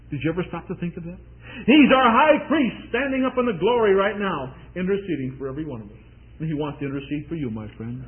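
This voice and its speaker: A man preaching a sermon, swinging from loud declaring to hushed pleading. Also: high-pitched. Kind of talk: revival-style sermon. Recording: tinny lo-fi phone-like sound.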